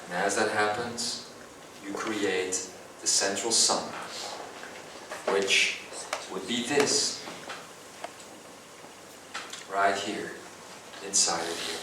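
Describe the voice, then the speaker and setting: A man giving a live spiritual seminar talk, earnest and slow, with long pauses between phrases. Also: fairly low pitch, fairly even intonation, background noise. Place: seminar hall. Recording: echoey hall recorded from far off.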